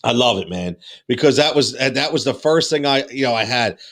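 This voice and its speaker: A man hosting a fantasy sports live show, excitable and repetitive, with many fillers and restarts, saying he is losing his voice. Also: mid-range voice, a little fast. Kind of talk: excited live-stream chat.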